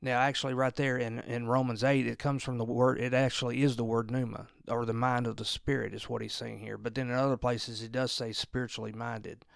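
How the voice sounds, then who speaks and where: A man with a gravelly, creaky voice delivers an informal Bible teaching. He talks in a loose, conversational way, backing up and repeating words as he works through each point. The recording is dry and close, with no room sound. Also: medium pitch, level tone, fairly quick, few pauses, no room sound. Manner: conversational, repeats and restarts words while explaining.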